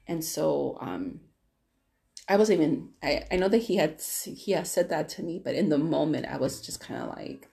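Low gravelly woman, candid and rambling. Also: moderate pace, warm tone. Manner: candid, rambling storytelling with many restarts. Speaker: podcast host. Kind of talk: personal podcast monologue.

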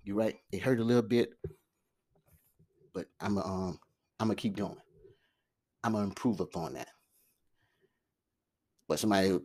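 A man with a lowish voice hosting a solo podcast into his mic. He talks quickly and casually, with plenty of slang, "ums" and restarts as he speaks straight to his listeners. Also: darkish tone. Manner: fast, loose talk with fillers and slang. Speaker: podcast host. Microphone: podcast microphone.

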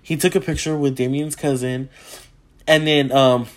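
A man vlogging a casual story time, swearing freely and excitable, acting out what people said with gasps and laughs. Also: medium pitch, moderate pace. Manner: acts out quotes with gasps and laughter.

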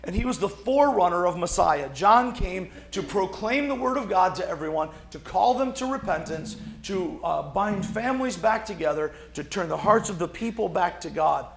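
A man's voice: high voice, expressive, normal speed, creaky, few pauses, echoey room, slight background noise. A man preaching a sermon in a conversational, emphatic way. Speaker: pastor.

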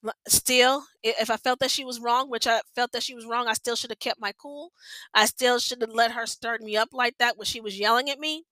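A woman's voice: on the high side, steady tone, brisk, sharp tone, no echo. A woman hosting a podcast, giving an earnest, emotional devotional talk about her own failings, repeating herself and close to tears. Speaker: podcast host.

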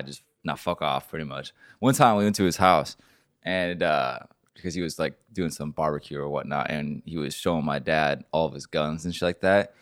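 Deep-voiced dude, swears a lot, dry close mic, chatty podcast storytelling. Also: male voice, no room sound. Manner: rambling storyteller, swears a lot, gets loud telling stories. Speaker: podcast co-host. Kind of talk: casual chat.

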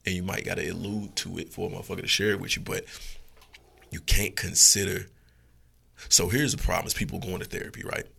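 A man giving blunt, profane, animated opinions as a guest in a casual podcast chat. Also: deep voice, brisk, creaky, breathy edge.

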